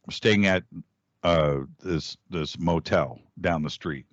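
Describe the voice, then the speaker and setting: Low-voiced man telling an animated story. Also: slow pace, no room sound. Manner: animated storyteller, jumps up in pitch when acting out quoted speech, frequent restarts. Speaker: guest, radio host. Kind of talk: casual storytelling in a podcast interview. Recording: dull, dry lo-fi audio.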